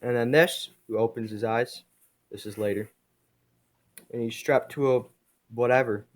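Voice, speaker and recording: A man casually reading aloud a comic he drew as a kid, speaking quietly and making self-mocking jokes along the way. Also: medium pitch, steady tone, normal speed. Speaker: video creator.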